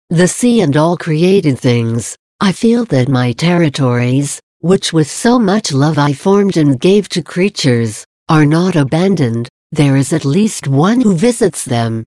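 Gentle loving jesus read by a woman, low mellow voice, dry sound. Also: no room sound. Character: Jesus, gentle loving male divine speaker. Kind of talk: devotional reading.

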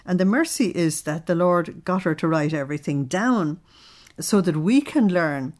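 A woman reading a devotional diary aloud and pausing to comment on it, earnest and reflective. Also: on the low side, lively intonation, a little mellow. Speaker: religious teacher.

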